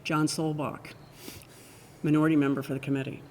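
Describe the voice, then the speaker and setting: A woman's voice: low-pitched, level tone, brisk, in a large hall, slight background noise. An older woman, a former state legislator, telling anecdotes in an oral history conversation and often breaking into laughter. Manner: warm anecdotal storytelling, bursts of laughter.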